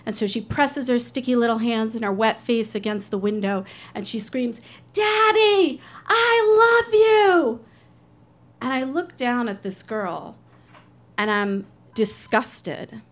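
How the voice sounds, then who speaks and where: A woman's voice: on the high side, steady tone, a little slow. A woman telling a personal story on stage, in an earnest, conversational way, briefly acting out other people's voices.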